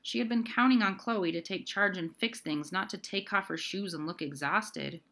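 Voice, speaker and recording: A woman reading a novel aloud in an even storybook manner, narrating the scenes. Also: medium pitch, normal speed. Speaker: audiobook reader. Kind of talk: scripted narration.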